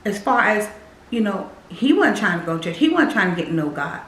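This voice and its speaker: A woman's voice: mid-range voice, big pitch swings, a little fast, fairly bright tone, reverberant, low-quality recording. A woman casually sharing a personal faith testimony, speaking straight to her viewers and repeating phrases for emphasis. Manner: speaks directly to viewers as "y'all".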